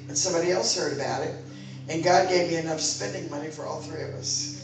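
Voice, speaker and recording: A woman's voice: sits low, brisk. Woman preacher, fervent sermon, exhorting, very echoey room, distant mic, music playing behind. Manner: fervent, exhorting, rising to loud calls.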